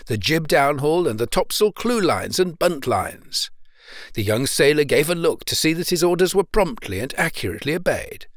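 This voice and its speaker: Expressive male storybook narrator. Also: fairly high pitch, dry recording, studio quality. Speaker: audiobook narrator. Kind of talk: scripted narration.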